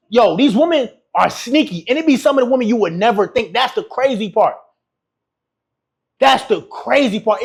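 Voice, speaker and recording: Man, very high voice, gravelly, brash ranting commentary, mocking, laughs a lot. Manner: brash, mocking, repeats insults; laughs often while talking. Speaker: YouTube relationship commentator.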